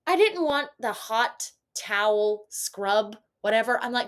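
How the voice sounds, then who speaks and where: A woman's voice: fairly high pitch, animated, measured pace. A young woman vlogger telling a storytime rant in a profane, sarcastic, self-mocking way.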